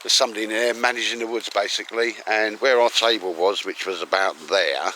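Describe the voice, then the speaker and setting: A man's voice: fairly low pitch, steady tone, brisk, pushed and bright, slight background noise, poor audio. A man vlogging outdoors in woodland, rambling and joking and laughing often as he talks. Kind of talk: casual walk-and-talk vlog.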